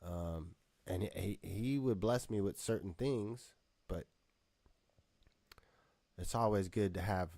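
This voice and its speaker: Co-host type, low-pitched man, easygoing and rambling, dry close webcam sound. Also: takes it slowly, long pauses, mellow, no room sound. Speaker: podcast co-host and rapper. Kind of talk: casual chat on a live video call. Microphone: webcam video call.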